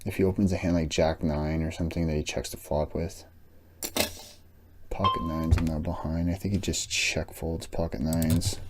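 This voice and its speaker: A man's voice: extremely low pitch, level tone, moderate pace, slight background noise. A man streaming an online poker session, thinking aloud about hands and muttering analysis to himself. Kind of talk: casual thinking aloud while playing. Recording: loud keyboard clicks and typing.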